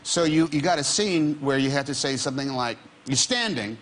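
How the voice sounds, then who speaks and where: A man telling a lively story as a talk show guest, in a drawn-out way. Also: medium pitch. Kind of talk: animated anecdote on a talk show. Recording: studio audience and room noise.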